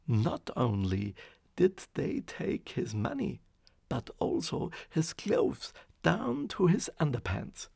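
A man narrating a fairy tale in a slow, expressive reading. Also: a little high, vocal fry, breathy edge, no echo, studio quality. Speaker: storyteller. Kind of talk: storybook narration.

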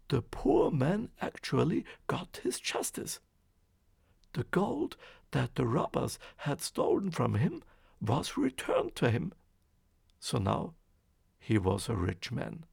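A man narrating a fairy tale in a slow, expressive reading. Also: medium pitch, creaky, husky, dry recording, clean studio sound. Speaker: storyteller. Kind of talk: storybook narration.

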